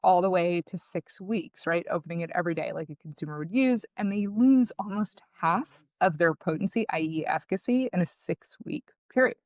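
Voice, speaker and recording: Lady founder chatting in an interview, lowish voice, dry close sound, acts out quotes as she goes. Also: a little fast, hardly any pauses, no room sound. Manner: animated, conversational, acts out quotes. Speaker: guest, founder. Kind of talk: interview storytelling.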